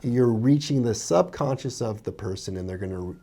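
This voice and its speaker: A man's voice: normal speed, breathy edge. A man coaching on real estate sales as he comments on a played clip, often acting out clients' lines. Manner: animated, acts out buyers' lines in a higher voice.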